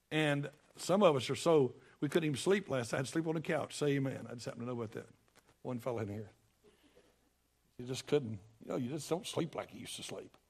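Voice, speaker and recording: A man preaching a sermon, folksy and emphatic, with sudden loud bursts. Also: medium pitch, breathy edge. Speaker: pastor.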